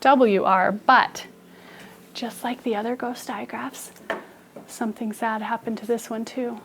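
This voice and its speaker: Slow, playful kindergarten-style teacher woman. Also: on the high side, fairly even intonation, creaky, a bit bright, slight background noise. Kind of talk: phonics lesson for young kids. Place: classroom with kids.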